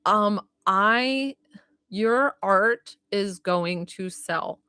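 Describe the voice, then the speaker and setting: A woman's voice: medium pitch, drawn-out words, sharp tone, clean tone, no room sound, clean studio sound. A woman giving live-stream psychic readings, chatty and giggly, full of likes and ums. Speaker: psychic reader.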